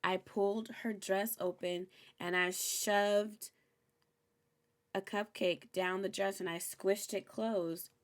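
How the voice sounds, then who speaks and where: A young woman hosting a recap show, chatting casually and candidly, animated and swearing freely. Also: mid-range voice, slow pace. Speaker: host recapping a TV episode. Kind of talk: casual chat.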